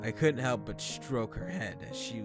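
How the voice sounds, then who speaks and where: A man's voice: mid-range voice, expressive, moderate pace, vocal fry, loud music behind the voice. A drunk man doing casual let's play commentary, giggly, swearing and rambling. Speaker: game commentator.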